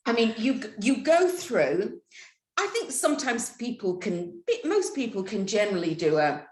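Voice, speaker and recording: A woman's voice: medium pitch, sing-song, a little slow, a little mellow, echoey room. A woman from the United Kingdom hosting an interview, chatty, laughing often and quoting herself in asides. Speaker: interviewer host. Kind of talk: casual interview chat.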